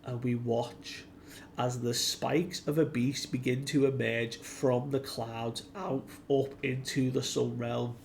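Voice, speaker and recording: A man's voice: mid-range voice, little pitch movement, slow, gravelly, a little hiss or hum. A man giving casual commentary as a manga reviewer, retelling scenes animatedly and acting out the quotes.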